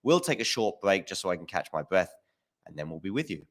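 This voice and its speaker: A man giving casual live commentary on a tennis match, chatty and getting excited on big points. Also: low-pitched, fairly quick. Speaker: watchalong commentator.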